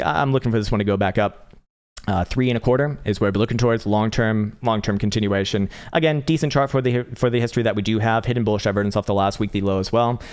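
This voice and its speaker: A man's voice: on the low side, a little mellow, clear, resonant tone. An American man in casual live-stream commentary, reading viewer comments aloud and talking through charts in a laid-back, profane way. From United States. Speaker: livestream trading analyst.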